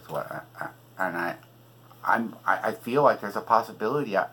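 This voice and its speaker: Husky-voiced man ranting about politics. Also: fairly low pitch, expressive, moderate pace, sharp tone, low-quality recording. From California. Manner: agitated, profane, sarcastic. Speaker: podcast host and author.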